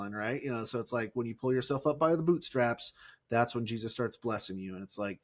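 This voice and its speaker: A man with a Midwestern American accent talks loosely on a podcast, leaning on fillers and poking fun at himself. His voice sits at an ordinary middle pitch. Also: lively intonation, normal speed. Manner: chatty, filler-heavy, self-deprecating. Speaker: podcast co-host. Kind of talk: casual podcast chat.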